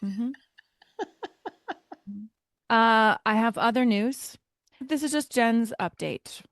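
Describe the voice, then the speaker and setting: A middle-aged woman co-hosting a podcast, telling stories in a lively way and laughing often. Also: on the high side, takes it slowly, no room sound, clean studio sound. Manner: animated storyteller, laughs often. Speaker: podcast co-host. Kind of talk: casual chat.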